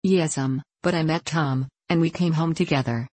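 A woman's voice: deep voice, steady tone, normal speed, darkish tone, dry recording. A woman reading the part of a plain, determined young country girl in a storybook. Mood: earnest. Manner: earnest, determined.

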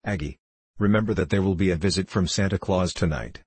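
A man's voice: sits low, brisk, a little mellow, husky, dry recording. A man voicing a teasing country judge who speaks in old-fashioned terms. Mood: commanding.

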